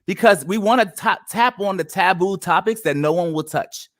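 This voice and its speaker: A man's voice: high-pitched, normal speed, dry recording. A man co-hosting a faith-based podcast discussion, talking in an emphatic, preaching-like way. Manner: animated, emphatic preaching-like delivery. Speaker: podcast co-host.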